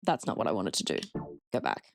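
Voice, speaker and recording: A woman's voice: rumbling low, wildly swooping pitch, quick pace, vocal fry, slight background noise. Chatty Australian woman streaming a game. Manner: chatty, swears freely, talks to chat. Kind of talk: casual live-stream gameplay commentary.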